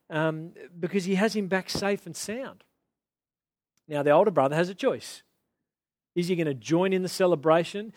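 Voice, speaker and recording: A man preaching a sermon, animated and swinging into indignant outbursts. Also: sits high, dry recording, studio quality. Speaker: pastor.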